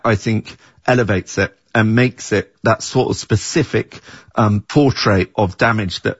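A man's voice: mid-range voice, husky, no echo. A middle-aged man, the creator and writer of a series, answers interview questions thoughtfully, often restarting his sentences. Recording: dull, dry, lo-fi sound.

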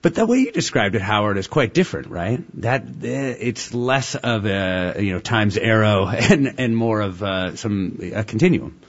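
Thoughtful male host, lively intonation. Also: fairly low pitch, normal speed, few pauses, lo-fi sound. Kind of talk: casual interview.

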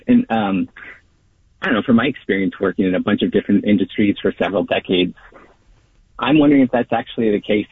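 A man phones in to a radio show, thinking aloud in a reflective way with plenty of fillers. His voice is low and husky. The call sounds dry and thin, like a phone line. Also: dry recording. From San Francisco Bay Area. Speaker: caller.

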